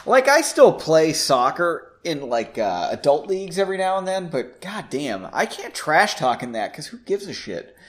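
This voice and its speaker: Chatty man reading a story aloud. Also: fairly high pitch. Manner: chatty and self-deprecating. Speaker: podcast host reading a novel aloud. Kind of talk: casual story reading with asides.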